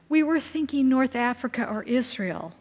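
A woman's voice: high-pitched, measured pace. Middle-aged woman preaching in a reverberant hall. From Utah, USA. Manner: earnest storytelling with lively quoted asides. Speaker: conference speaker. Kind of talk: personal testimony sermon. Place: church conference hall.

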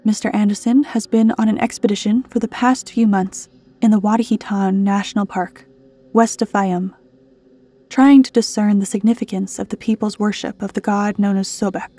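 A woman voicing a stern female mission briefer who speaks in a low, monotone drawl. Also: normal speed, lightly acted. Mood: deadpan.

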